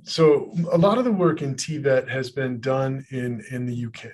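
A man's voice: mid-range voice, normal speed. A man co-hosting a podcast on trades teaching, talking casually and with energy, often stopping to read quotes aloud. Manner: animated, reads quotes aloud, many restarts. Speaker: podcast co-host, educational developer. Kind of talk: casual conversational podcast chat.

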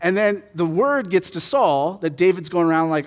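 Male Bible teacher, higher-pitched, reads scripture then riffs casually; hall echo. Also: lively intonation, moderate pace. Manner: chatty, laughing asides, lots of "like". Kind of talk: scripture reading and casual commentary. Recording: long hall reverb.

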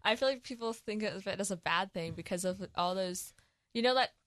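A woman's voice: medium pitch, a little fast, heavy background noise. A teenage girl co-hosting a student radio talk show, chatting in a rambling way and laughing often. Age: teens. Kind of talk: casual chat.

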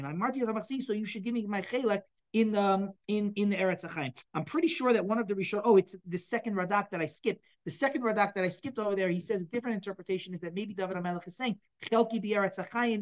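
On a lo-fi recording, a medium-pitched woman teaches a class as a Torah teacher, explaining a text and repeatedly asking the students if they follow along.

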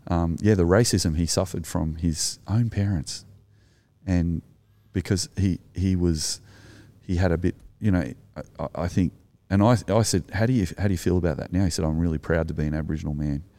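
Low-voiced earnest Australian man. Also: brisk, warm tone. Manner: earnest, reflective. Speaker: co-host, Anglican minister. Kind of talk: conversational storytelling.

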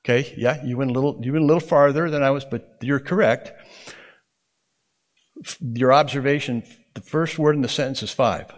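A man's voice: medium pitch, normal speed. A man teaching a Bible interpretation class, explaining in a folksy way and often checking in with the room. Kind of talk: classroom lecture.

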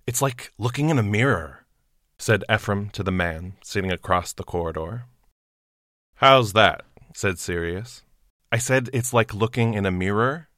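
Young male actor, lowish bright voice, storyteller who acts out the dialogue, dry close mic. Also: lively intonation, a little slow, dry recording. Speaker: actor reading a short story. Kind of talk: storytelling narration and casual reflection.

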